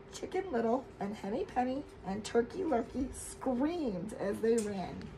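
A woman reading a children's story aloud at a camp, expressive with loud dramatic outbursts. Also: a little high, a little slow, gravelly, a little hiss or hum, poor audio.

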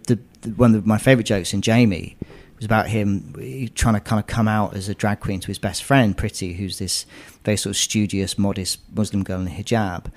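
A screenwriter being interviewed, chatting casually and telling animated stories with frequent restarts. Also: male voice, lowish voice. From England. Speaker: screenwriter guest. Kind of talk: conversational interview.

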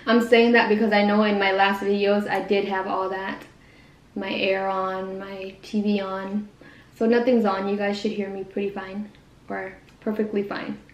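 A young woman's medium-pitched voice, level in tone, comes through a reverberant, muffled recording. Eating and chatting casually in a quiet home room for a mukbang, she rambles, self-corrects, and notes that she speaks quickly.

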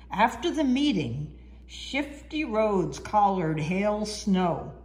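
A woman reading a children's storybook aloud in an expressive, sing-song way. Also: mid-range voice, takes it slowly. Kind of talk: children's book read-aloud.

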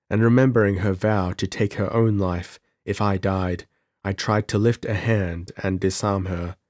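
Male audiobook reader, fairly low voice, steady measured delivery, close and dry. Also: dry recording. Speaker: audiobook narrator. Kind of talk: scripted narration.

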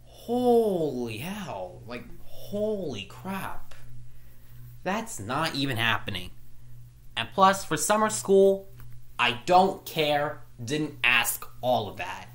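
A woman's voice: deep voice, sing-song, takes it slowly, a bit bright. A woman ranting in a frustrated, repetitive way, stumbling and restarting her sentences. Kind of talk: angry vlog rant. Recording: echoey room.

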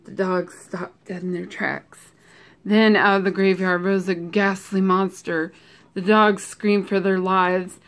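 A woman reads a picture book aloud in a gentle, expressive voice, stopping for playful asides. She takes her time, letting each line land slowly for young listeners. Her pitch sits comfortably in the middle. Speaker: storybook reader. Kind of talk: children's book read-aloud.

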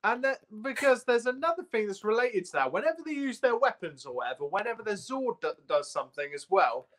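A man's voice: sits high, sing-song, fast, a bit bright. A man co-hosting a casual podcast chat, exasperated, firing rhetorical questions and laughing often. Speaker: podcast co-host.

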